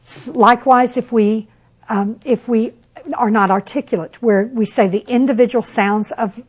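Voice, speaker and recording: A middle-aged woman teaches a college class in a loud, emphatic lecture voice. She is lively and restarts phrases often, repeating words as she talks. Her pitch sits in the usual middle range for a woman. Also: poor audio. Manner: loud speaking voice. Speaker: college instructor.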